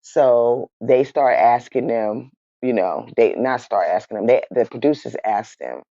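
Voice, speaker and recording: A woman's voice: rumbling low, expressive, normal speed, mellow, no room sound. Giggly woman recapping a reality show. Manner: giggly, breaking into laughter mid-sentence; chatty, addresses viewers as y'all. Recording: dry, dull lo-fi sound.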